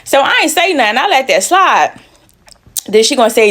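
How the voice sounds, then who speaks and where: Woman, casual storytime, emphatic, repeats herself, somewhat high voice. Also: sing-song, moderate pace, fairly bright tone. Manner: emphatic, repeats phrases for effect.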